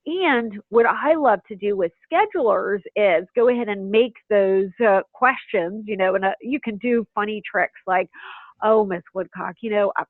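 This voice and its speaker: A woman's voice: mid-range voice, moderate pace, hardly any pauses, no echo. A chatty woman presents a practice management webinar. She slips into playful voices of schedulers and patients as she goes. Her voice sounds thin and tinny, as if over a phone line, with no room sound at all. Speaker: healthcare practice management speaker.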